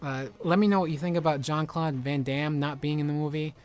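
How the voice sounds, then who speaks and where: Man, casual game commentary, excitable rambling, lots of fillers, slightly raised pitch. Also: brisk, smooth. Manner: rambling, excitable, heavy use of "like". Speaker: video game reviewer.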